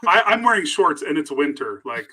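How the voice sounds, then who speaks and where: A man's voice: on the high side, very animated, moderate pace, crowd noise. A man co-hosting a livestream, joking and playful as the entertainer. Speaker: livestream co-host. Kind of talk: casual livestream chat.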